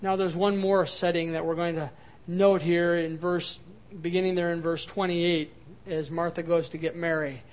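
A male pastor preaching a sermon, moving from lively acted-out quotes to soft, low, quiet passages. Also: moderate pace. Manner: dynamic preaching, acts out quoted voices, drops to soft low tones.

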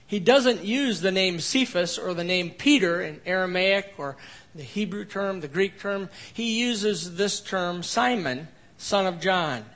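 A man preaching a sermon verse by verse as a pastor, rising to emphatic peaks and then dropping to quiet low passages. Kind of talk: expository sermon.

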